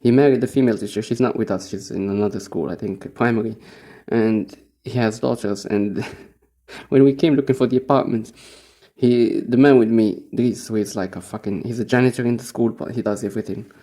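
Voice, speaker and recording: Gravelly, profane young man from Morocco. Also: mid-range voice, steady tone, a little fast, mellow. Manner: rambling, profane, chuckling storyteller. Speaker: teacher. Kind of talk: casual spoken diary monologue.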